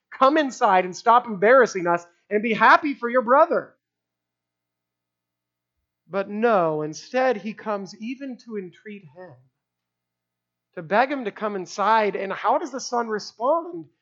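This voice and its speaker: A man preaching a sermon to a live congregation, conversational, often asking "right?" and dropping to a hushed voice for emphasis. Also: high voice. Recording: dull lo-fi sound.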